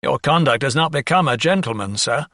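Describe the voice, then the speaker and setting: A man's voice: mid-range voice, lively intonation, a little fast, bright, forceful tone, no room sound, clean studio sound. A man voicing a blustering indignant steward.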